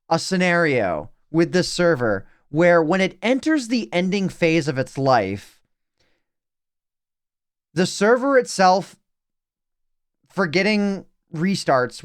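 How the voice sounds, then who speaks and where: A young adult man streaming a game live, thinking aloud in a rambling way with self-mocking asides. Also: on the high side.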